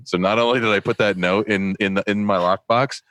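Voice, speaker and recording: A man from New Hampshire co-hosting a podcast, telling a travel story in lively casual chat and jumping up in pitch when he quotes people. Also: a little fast, no room sound, clean studio sound. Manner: animated anecdote-teller, jumps pitch when quoting people. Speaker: podcast co-host.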